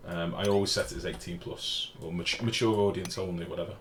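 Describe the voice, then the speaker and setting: A man's voice: sits low, steady tone, fairly quick, a bit bright, slight background noise. A man, streaming a game live and chatting casually while reading out chat messages and swearing freely.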